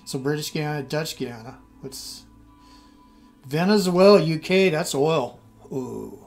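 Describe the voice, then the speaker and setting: A man's voice: fairly high pitch, lively intonation, takes it slowly, creaky, darkish tone, soft background music. A middle-aged man thinking aloud as he plays a strategy game, muttering and trailing off. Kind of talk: casual game commentary.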